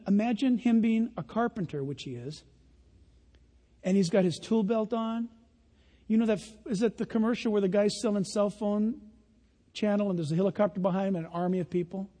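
Older male pastor, high animated voice. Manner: animated preacher, acts out quoted voices, folksy humor. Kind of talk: sermon. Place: church. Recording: long reverb of a church hall.

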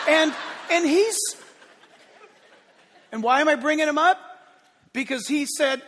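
High bright-voiced preaching man, reverberant. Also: a little slow, long pauses, a little hiss or hum. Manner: emphatic preaching, swinging between loud declarations and hushed asides. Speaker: pastor. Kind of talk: sermon. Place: church sanctuary.

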